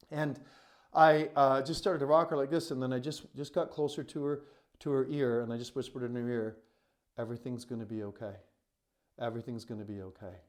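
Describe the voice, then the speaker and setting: A man with a voice of middling pitch speaks as a coach telling a personal story to camera. He talks earnestly and with emphasis, leaning on "you know" as he goes. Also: darkish tone. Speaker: coach and retreat facilitator.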